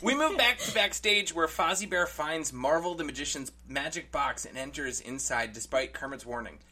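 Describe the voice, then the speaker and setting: A man co-hosting a podcast, chatting casually and recapping an episode with quick asides and bursts of laughter. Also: fairly high pitch, bright, forceful tone. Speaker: podcast co-host.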